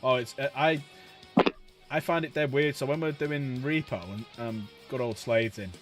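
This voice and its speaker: A man chatting casually while painting miniatures on a livestream, chatty and quick to laugh. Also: faint music behind. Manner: chatty, laughs often, jumps in pitch when excited. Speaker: streamer and hobby painter.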